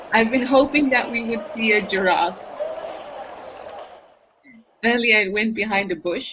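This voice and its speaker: Woman, live wildlife show host, bubbly and chatty, slightly husky, a bit muffled lo-fi sound. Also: mid-range voice. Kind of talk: live-stream commentary reading viewer comments.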